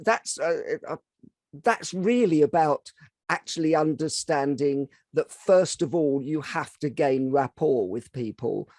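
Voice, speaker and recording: A man with a fairly high voice hosts a conversation, thinking aloud about how people communicate. His voice sounds dry and close, with no room around it. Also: expressive, unhurried, darkish tone, dry recording. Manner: reflective, explains ideas about communication. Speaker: host, interviewer. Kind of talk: casual interview chat.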